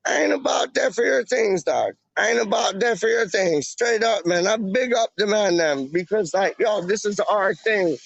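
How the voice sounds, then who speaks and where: A young man livestreaming, rambling in slangy casual chat and tacking "man" and "dog" onto his lines, with a gravelly voice. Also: high-pitched, moderate pace, few pauses, dry recording, muffled recording. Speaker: streamer.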